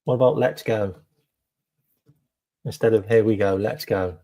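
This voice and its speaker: A man's voice: on the low side, fairly even intonation, fast talker, warm tone. A man hosting a casual live stream, chatting to viewers with lots of ums and repeated phrases.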